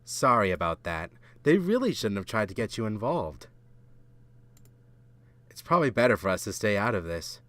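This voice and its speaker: A man reading the lines of a poised teenage girl club president in a soft, lowered, calm way over game music. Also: moderate pace, long pauses, dry recording. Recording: game music playing under the voice.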